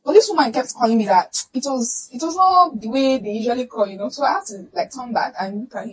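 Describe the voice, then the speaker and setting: Animated Nigerian woman telling her story. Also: fairly high pitch, fast talker, a little hiss or hum, rough recording. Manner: animated, acts out voices in the retelling. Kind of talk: emotional personal story to camera.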